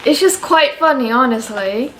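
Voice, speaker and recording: A young woman talking casually in a book review vlog, chatty and animated with lots of filler words. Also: sits high, moderate pace, slight background noise. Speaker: reading vlogger.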